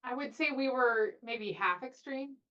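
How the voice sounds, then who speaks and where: A woman's voice: high voice, a little slow, sharp tone. A woman guest in a casual interview, chatty, saying 'like' often and acting out quotes. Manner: chatty, says 'like' a lot, acts out quotes. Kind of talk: casual conversation. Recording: dull lo-fi audio.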